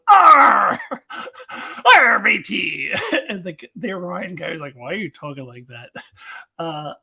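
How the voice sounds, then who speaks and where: Chatty, enthusiastic woman reviewing an episode. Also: fairly low pitch. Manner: chatty and enthusiastic, with many fillers. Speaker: TV reviewer and live streamer. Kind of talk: casual live-streamed episode review.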